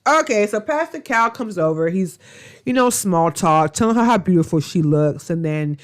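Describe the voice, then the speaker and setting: A woman's voice: on the low side, expressive, normal speed. A woman reviewing a reality show in a casual, gossipy vlog, blunt and profane with rambling asides.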